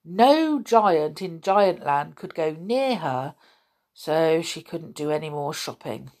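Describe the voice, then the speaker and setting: A woman's voice: low voice, very animated, takes it slowly, darkish tone, full character voice. Woman reading a grumbly storybook goblin. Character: grumbly odd-looking male goblin painter.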